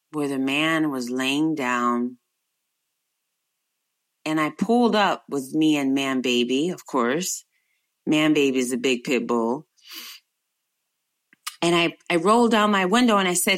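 A woman's voice: lowish voice, fairly bright tone. A woman telling an emotional personal story in a conversational way, repeating phrases for emphasis. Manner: earnest, emotional, faith-filled storytelling.

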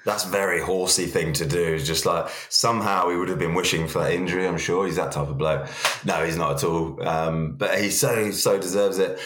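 Man, low voice, casual rugby co-host, jokey, echoey room. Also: brisk, a little hiss or hum. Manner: relaxed and jokey, with many fillers. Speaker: podcast co-host.

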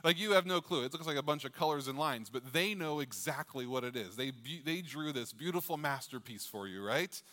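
A man's voice: mid-range voice, expressive, brisk, hardly any pauses, a bit bright. A middle-aged man preaching a sermon as pastor, chatty and jokey, asking the congregation questions. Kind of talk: sermon with jokes. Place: church sanctuary with long reverb. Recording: long hall reverb from a church.

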